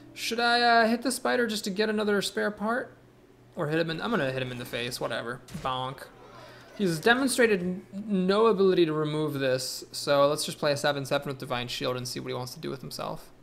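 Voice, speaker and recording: Gravelly man thinking aloud over gameplay. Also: on the high side, brisk, a bit bright, a little hiss or hum. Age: young adult. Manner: thinks aloud, weighs plays, self-corrects. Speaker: streamer playing a card game. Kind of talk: live gameplay commentary.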